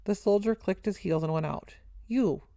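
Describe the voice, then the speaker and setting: A woman narrating a first-person story in a steady, earnest reading voice. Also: mid-range voice, a little fast, vocal fry, no echo.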